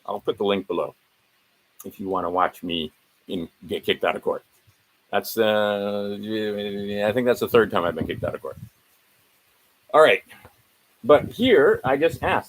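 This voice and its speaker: A man's voice: lowish voice, animated, normal speed, poor audio. A man walking viewers through his documents in a casual screen-share, rambling and correcting himself as he rattles off legal citations. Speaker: video host.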